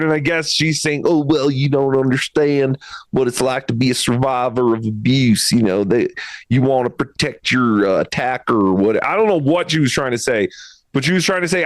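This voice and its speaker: A man's voice: mid-range voice, normal speed, dry recording, lightly acted. A man voicing a chatty, agreeable male puppet guest on a casual talk stream, chuckling along. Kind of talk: casual chat.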